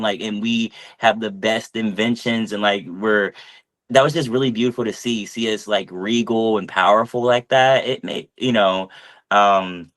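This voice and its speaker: A man's voice: lowish voice, a bit bright. A man, a voice actor on a panel, talking earnestly and enthusiastically with frequent "um" and "like". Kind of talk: casual panel talk.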